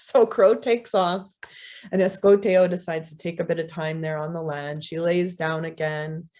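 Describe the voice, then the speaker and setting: A woman speaker narrating a story in a talk, her voice sitting a little low. She tells it casually, with "you know"s, short pauses and soft laughs between lines. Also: level tone. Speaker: guest speaker.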